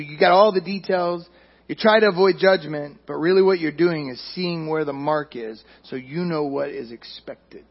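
Husky high-voiced preacher man. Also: highs cut off. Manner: conversational preaching with rhetorical questions to the congregation. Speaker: pastor. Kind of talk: sermon.

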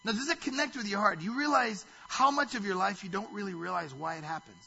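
A man's voice: sits high, fast, vocal fry, bright, forceful tone, dull audio, a little hiss or hum. A man preaching a sermon as pastor, reading scripture aloud and stopping to put rhetorical questions to the listeners.

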